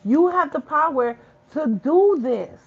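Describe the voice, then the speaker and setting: A woman preaching spiritual tough love in a vlog. Her voice sits fairly high, and she talks bluntly, full of cursing and slang. The recording sounds dull and lo-fi. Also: animated, slow. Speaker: spiritual reader.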